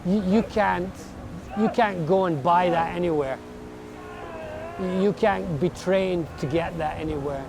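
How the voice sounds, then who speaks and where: A man in his sixties telling his story in an earnest, reflective way, slowing down to stress his words. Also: high voice, creaky, noisy background. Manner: earnest, slow, emphatic. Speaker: adventurer recounting a long walk.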